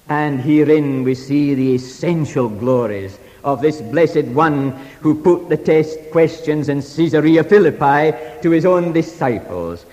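Man preaching slow, swoopy pitch, lots of hall echo behind him. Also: lively intonation, warm tone. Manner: slow, emphatic, archaic scripture phrasing. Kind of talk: sermon. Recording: long reverb of a hall.

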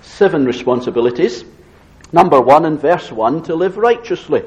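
A man preaching an expository sermon, reading scripture aloud and slowing down to stress key phrases. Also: a little high, animated, a little mellow, dull audio. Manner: reads scripture aloud in raised tone.

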